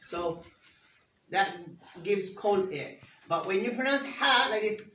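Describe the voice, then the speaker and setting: A patient teacher runs an interactive classroom lesson, putting questions to pupils and modelling each sound for them to say back. The voice sits at a middle pitch and is caught from a distance in a roomy classroom. A faint hiss of noise runs underneath. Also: expressive, slow pace, pushed and bright.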